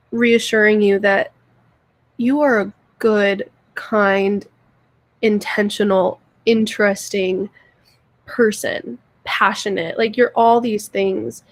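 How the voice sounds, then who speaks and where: A woman's voice: mid-range voice, no echo. A young woman co-hosting a podcast, talking earnestly in a rambling way, repeating words and restarting as she goes. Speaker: podcast co-host. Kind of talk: heartfelt casual chat.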